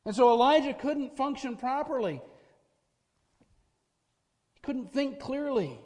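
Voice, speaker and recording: High-voiced man preaching in a reverberant hall. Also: lively intonation, unhurried, a little mellow. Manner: earnest, emphatic preaching with repeated parallel phrases. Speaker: pastor. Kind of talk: sermon.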